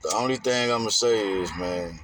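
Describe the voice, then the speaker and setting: A man's voice: on the low side, normal speed, a bit bright, a little hiss or hum. A man giving a rambling, emphatic casual monologue in streetwise slang.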